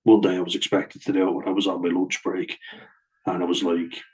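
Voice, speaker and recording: A man's voice: sits low, little pitch movement, fairly quick, a little mellow, rough recording. Blunt, sweary man. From Ireland. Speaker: vlogger. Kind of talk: casual storytelling to camera.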